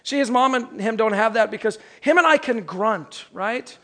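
A man in his thirties preaching a Christmas sermon, telling a joke story and then slowing down to stress key phrases. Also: high voice, expressive, fairly bright tone. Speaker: pastor.

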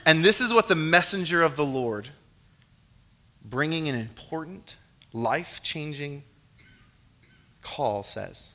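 Lively joking young man preaching. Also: on the high side, slow, pauses often. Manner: animated and joking, acts out scenes. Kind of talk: casual youth-style sermon with Bible reading.

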